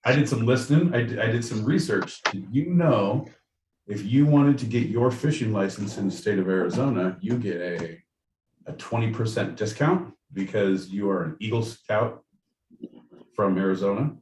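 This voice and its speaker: A man's voice: on the low side, lively intonation, normal speed, a little mellow, distant mic. A man co-hosting a podcast in casual chat, rambling, jokey and profane. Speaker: podcast co-host. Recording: roomy sound, off-mic, faint noise.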